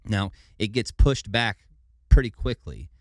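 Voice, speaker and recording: A man with a very deep voice retells history in a relaxed podcast chat, tripping over hard names and tossing in a casual "dude". His voice is recorded close and dry, with no room sound. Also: measured pace, no room sound. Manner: laid-back, stumbles over foreign names, says "dude". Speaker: podcast co-host.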